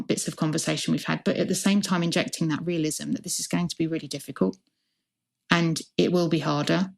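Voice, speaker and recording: A woman's voice: low-pitched, vocal fry. A woman who is a hospital chief information officer, answering interview questions in an earnest, reflective way and building her points as lists.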